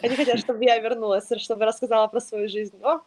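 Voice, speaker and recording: A woman whose first language is Russian, interpreting in casual podcast chat, halting and searching for words, often giggling. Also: a little high, steady tone, darkish tone, low-quality recording.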